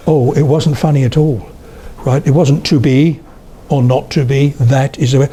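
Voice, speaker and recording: A man's voice: medium pitch, steady tone, moderate pace, warm tone, a little hiss or hum. Older man giving a chatty public talk. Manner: anecdotal, chatty, checks in with "right?". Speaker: lecturer on spoken English. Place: talk before a live audience of about eighty.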